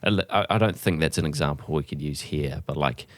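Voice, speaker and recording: A man's voice: a bass voice, brisk, dry recording. A man talking as a podcast guest in casual chat, thinking aloud and hedging as he searches for words.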